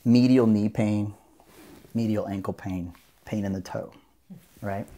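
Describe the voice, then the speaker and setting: A man's voice: on the low side, steady tone, unhurried, warm tone. A man, a doctor of Oriental medicine, explaining his practice earnestly as a guest in a podcast interview. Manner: earnest, explanatory, acts out patients' voices.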